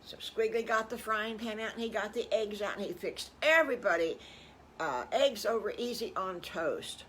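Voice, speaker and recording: A woman's voice: medium pitch, normal speed, fairly bright tone, slight background noise. An older woman telling improvised children's stories, folksy with chuckling asides. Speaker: storyteller.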